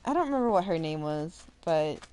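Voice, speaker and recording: A woman who works as a substitute teacher, telling a story in a casual, animated way and laughing through it. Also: low-pitched, a little fast, clear, resonant tone.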